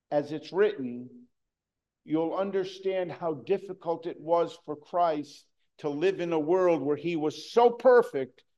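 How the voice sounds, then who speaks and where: A man preaching a sermon, earnest, moving between hushed and emphatic delivery. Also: on the high side, muffled recording.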